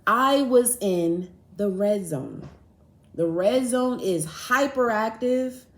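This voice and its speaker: A young woman hosting a podcast, telling a story in a casual, animated and profane way, acting out both sides of an argument. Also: fairly high pitch, slow. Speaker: podcast host. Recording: echoey room.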